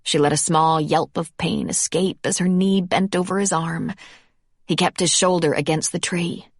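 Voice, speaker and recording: A woman reading a romance audiobook in measured scripted narration. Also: fairly low pitch, steady tone, no room sound, studio quality.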